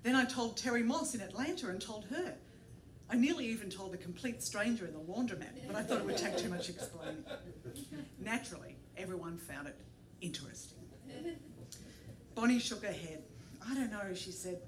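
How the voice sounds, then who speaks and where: A woman's voice: mid-range voice, moderate pace, distant mic, crowd noise. A woman from Australia, telling a personal story and doing voices for the people in it. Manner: animated, puts on voices for the people in the story, laughs along. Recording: echoey room with faint noise.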